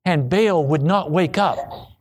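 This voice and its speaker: A male preacher with a high-pitched voice delivers a slow, deliberate sermon. He acts out desperate prayers and quoted voices with drama. He sinks his voice low for repeated refrains. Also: breathy edge.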